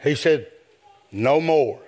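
An older man, preaching a sermon in a rhythmic style that builds to shouts. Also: on the high side, lively intonation, slow.

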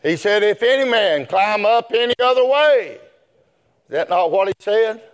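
A man preaching a sermon, rising into chanted shouts. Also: sits high, lively intonation, normal speed.

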